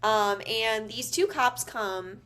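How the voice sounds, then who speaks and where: A woman co-hosting a podcast, casually recapping a film with relaxed ums and likes. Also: on the high side, takes it slowly. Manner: easygoing storytelling with frequent ums and likes. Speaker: podcast co-host. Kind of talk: casual movie recap chat.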